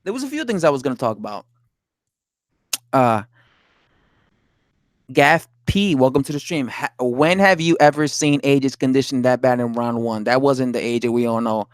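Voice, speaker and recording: A man's voice: mid-range voice, lively intonation, moderate pace, pauses often, dry recording, studio quality. A man live streaming about boxing, reading viewer comments aloud and answering them, swearing and indignant. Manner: talks to chat, reads comments aloud, swears, laughs, indignant. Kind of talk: casual live stream chat.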